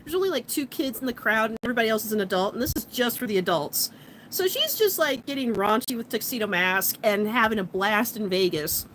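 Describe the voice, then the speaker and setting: A woman's voice: on the high side, animated, brisk, fairly bright tone, slight background noise, rough recording. A woman vlogger giving a casual, chatty recap of a show, talking animatedly and saying "like" often.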